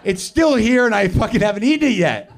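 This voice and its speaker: A man's voice: high voice, lively intonation, brisk. A man hosting a live show, telling a meandering, self-deprecating, profane stand-up story on a theater stage into a stage microphone. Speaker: podcast host doing stand-up.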